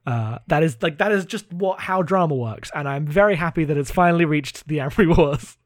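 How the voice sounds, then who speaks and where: A man's voice: a little high, brisk, dry recording, studio quality. A man co-hosting a podcast in casual chat, swearing freely and laughing often. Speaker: podcast co-host.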